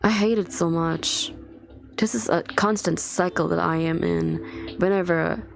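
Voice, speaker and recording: A woman's voice: on the low side, fairly even intonation, unhurried, vocal fry, soft background music. A woman streamer ranting angrily to her chat, swearing often and sounding exasperated. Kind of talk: live-stream rant to chat.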